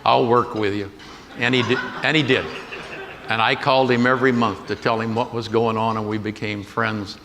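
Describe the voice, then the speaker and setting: A man's voice: mid-range voice, little pitch movement, normal speed. An older man giving a keynote talk, telling a business story in a folksy anecdotal way and acting out the dialogue. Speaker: keynote speaker. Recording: echoey hall with faint noise.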